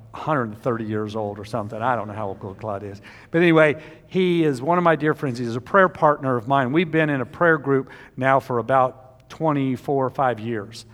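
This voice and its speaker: A middle-aged man preaches a sermon in a somewhat high voice. He swings from loud, driving emphasis to hushed, tender passages. The sound carries a long reverb from a church sanctuary. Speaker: pastor.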